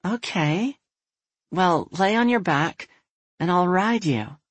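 A man putting on a whiny, high young woman. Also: expressive, slow, a bit bright, dry recording, exaggerated voice. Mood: coaxing. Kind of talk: audiobook character voice.

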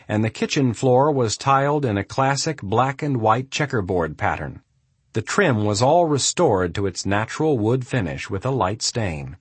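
A man narrating a thriller audiobook in a steady, measured storytelling manner. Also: fairly low pitch, breathy edge, dry recording. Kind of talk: scripted narration.

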